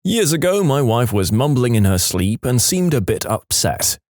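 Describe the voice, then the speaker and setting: Man, storytime narrator, lively swooping pitch, acts out quotes, dry close sound. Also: normal speed, no echo. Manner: expressive, acts out quoted lines with voice changes. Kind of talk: scripted narration of reader stories.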